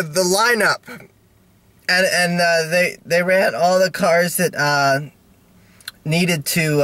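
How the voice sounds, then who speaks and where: Guy vlogging, high bright voice, slow and halting, lots of uhs, whiny melodramatic vibe. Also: no room sound. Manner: halting, with many restarts and fillers; melodramatic and self-pitying, mock-despairing. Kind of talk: rambling video diary.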